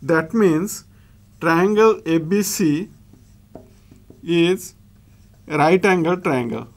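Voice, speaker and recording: A man's voice: a little high, slow. A man with an Indian English accent, teaching a maths lesson step by step while writing on a board.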